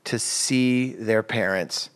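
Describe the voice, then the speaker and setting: A man's voice: fairly low pitch, slow pace. Rambling male podcast host. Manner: rambling, self-interrupting. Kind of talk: casual chat.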